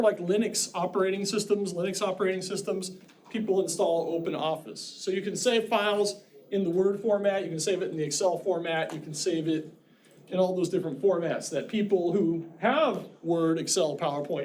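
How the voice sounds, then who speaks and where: A man's voice: sits high, moderate pace, a little mellow, slight background noise. A middle-aged man teaching a college class, lecturing in a chatty way with joking asides. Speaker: college instructor.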